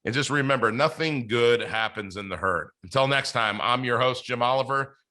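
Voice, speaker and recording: Bright-voiced male podcast host. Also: medium pitch, moderate pace. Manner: rambling, many fillers and restarts. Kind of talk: casual interview chat.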